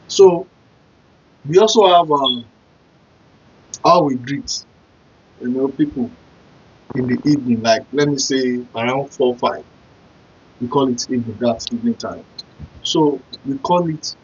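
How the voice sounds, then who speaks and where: Husky man patiently teaching words. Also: medium pitch. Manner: patient, repeats words slowly, spells letter by letter; encouraging, addresses viewers directly. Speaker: language teacher. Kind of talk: casual spoken lesson. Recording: dull lo-fi sound.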